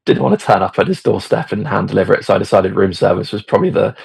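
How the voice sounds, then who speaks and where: A man's voice: on the low side, very fast, vocal fry, a crowd in the background. A middle-aged man telling a story as a podcast guest, hesitant, with many fillers and restarts. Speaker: podcast guest, football fan. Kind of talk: casual storytelling.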